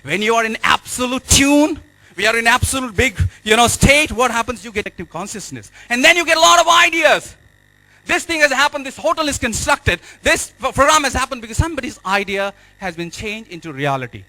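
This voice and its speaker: A man with an Indian English accent giving an energetic motivational speech to an audience in a hotel event hall, repeating and urging his listeners on. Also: very high-pitched, brisk. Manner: energetic, repetitive, exhorting the audience. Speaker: life and business coach.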